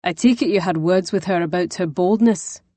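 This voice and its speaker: A woman's voice: on the low side, moderate pace, mellow, no echo, natural voice. A woman voicing a blunt young nobleman who speaks directly.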